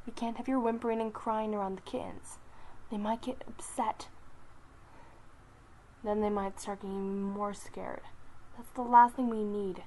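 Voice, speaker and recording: Woman as a calm, firm medicine cat. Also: mid-range voice, unhurried, long pauses, lightly acted, poor audio. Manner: calm and firm, drifting to a whisper.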